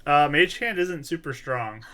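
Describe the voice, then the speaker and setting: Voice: mid-range voice, animated, unhurried, a crowd in the background. A game master narrating a tabletop game in an easygoing, amused way, with loose, casual descriptions.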